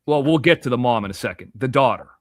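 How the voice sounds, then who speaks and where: A man in his forties, originally from Florida, telling a long story as a podcast guest, animated and profane, full of restarts and asides. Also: mid-range voice, quick pace, no echo, studio quality.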